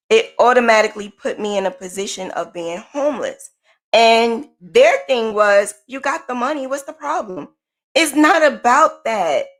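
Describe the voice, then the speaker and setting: Animated woman telling a personal story. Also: a little high. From United States. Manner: animated, emphatic, repeats points. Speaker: podcast host. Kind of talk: casual storytelling.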